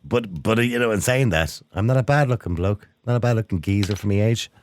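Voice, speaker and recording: A middle-aged Irish man hosting a radio show, chatting and laughing in an animated way on a studio mic. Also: on the low side, quick pace, slight background noise. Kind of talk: casual radio chat.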